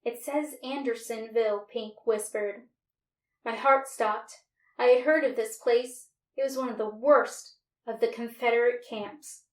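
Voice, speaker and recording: A woman reading a storybook aloud with an expressive, dramatic delivery. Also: fairly high pitch, measured pace. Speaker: storybook reader. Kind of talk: read-aloud storybook narration. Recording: roomy, distant mic.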